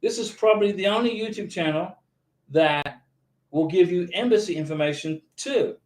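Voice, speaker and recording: A man with a fairly high voice hosts a casual livestream, reading out viewer comments and answering each one in an emphatic, encouraging way. His voice sounds a little echoey, as if he is in a bare room. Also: a little mellow. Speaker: YouTube channel host answering viewer questions.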